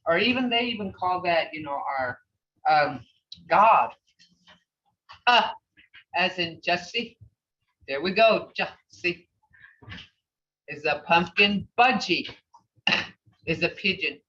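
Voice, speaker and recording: Woman language teacher, unhurried and bright, patient drill of words; roomy, dull recording. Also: on the low side, distant mic. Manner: patient, sounds out each word slowly and repeats it. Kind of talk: teaching a beginner language class. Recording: echoey, dull lo-fi class recording.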